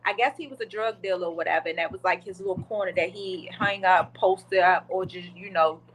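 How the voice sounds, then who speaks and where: A woman's voice: on the low side, fairly quick, slight background noise, rough recording. A woman podcast co-host, casually retelling a video she saw and acting out what people said. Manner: chatty and animated storytelling, acts out quotes.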